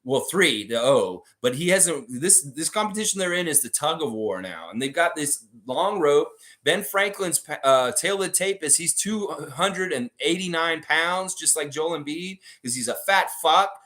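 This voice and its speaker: Male fan-show host, casual and profane livestream talk, lively pitch. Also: normal speed, hardly any pauses. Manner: animated, profane storytelling. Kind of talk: casual livestream chat with viewers.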